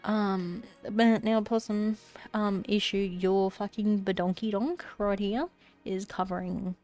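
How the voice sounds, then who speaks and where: A woman's voice: medium pitch, fairly even intonation, slow pace, a little mellow, soft background music. A woman live-streaming while she crochets, chatting casually, swearing at her cat and often dropping to a whisper, a little phlegmy.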